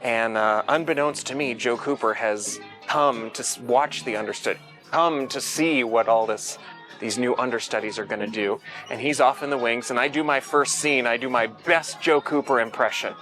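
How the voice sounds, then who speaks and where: Male actor, mid pitch, relaxed interview anecdote, soft guitar underneath. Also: moderate pace. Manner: relaxed storytelling with fillers. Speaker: stage actor recalling a colleague.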